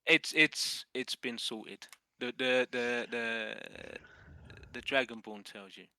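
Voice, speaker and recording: A man's voice: mid-range voice, fairly even intonation, slow, pushed and bright, clear, resonant tone, no room sound. A man with an English accent running a tabletop game as dungeon master, stammering through restarts and chuckling as he narrates.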